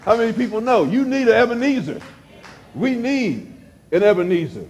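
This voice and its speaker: A man preaching a sermon as pastor, repeating phrases for emphasis and dropping suddenly to a hush. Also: extremely high pitch, animated, moderate pace.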